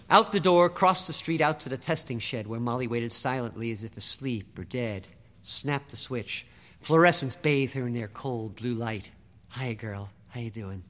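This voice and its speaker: A man's voice: medium pitch, a bit bright. A man reciting a rhyming narrative poem with a rhythmic storytelling delivery. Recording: long hall reverb.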